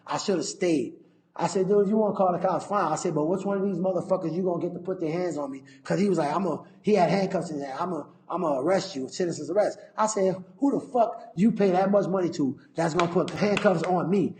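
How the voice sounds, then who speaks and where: Man, fighter guest, higher register, profane animated storyteller who quotes himself; echoey room. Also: a little fast. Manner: profane, animated, acts out his own past lines. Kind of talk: casual storytelling.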